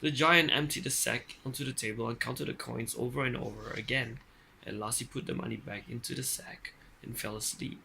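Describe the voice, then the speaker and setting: A man's voice: mid-range voice, fairly even intonation, fairly quick, creaky, pushed and bright, a little hiss or hum, rough recording. A middle-aged man reading a children's story aloud at home, plainly and playfully, with small slips. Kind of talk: casual bedtime story reading.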